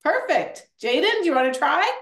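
Encouraging woman host for a kids' workshop, high voice, roomy echo. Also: moderate pace. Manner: encouraging, animated, counts kids in. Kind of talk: lively classroom-style teaching.

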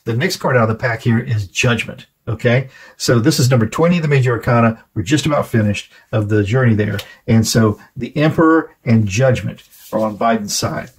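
A man giving a casual tarot reading to camera, halting now and then and chatting with his viewers. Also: medium pitch, slightly rough. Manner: halting, frequent fillers and restarts; chatty, asks viewers to comment. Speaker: tarot reader.

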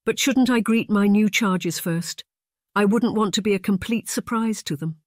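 The audiobook narrator voicing a shy, uncertain young gentlewoman who speaks hesitantly and softly. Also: medium pitch, moderate pace, no echo, clean studio sound, voice pushed up, close to an everyday voice. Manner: hesitant and soft-spoken. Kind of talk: audiobook character voice.

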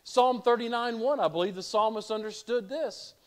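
A man's voice: extremely high pitch, normal speed. A male pastor preaching a sermon, asking rhetorical questions and reading scripture aloud.

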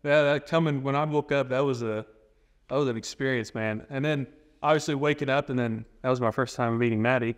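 A young man in his twenties talking loosely as an interview guest. He rambles a little and keeps it easygoing and relaxed. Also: medium pitch, fairly quick. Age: 20s. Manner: easygoing, rambling, many fillers and restarts. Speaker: guest, training client. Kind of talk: casual interview conversation.

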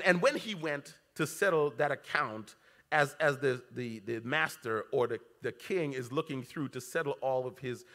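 Preaching pastor, bright, church reverb. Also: male voice. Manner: preaching with dramatic swings in pitch and loudness. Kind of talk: sermon. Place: church sanctuary.

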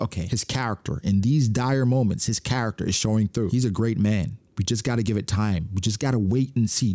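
Lower-voiced man, excitable commentary. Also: dry recording, clean studio sound. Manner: excitable, slangy, calls viewers bro. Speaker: manga reaction YouTuber. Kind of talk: casual reaction commentary.

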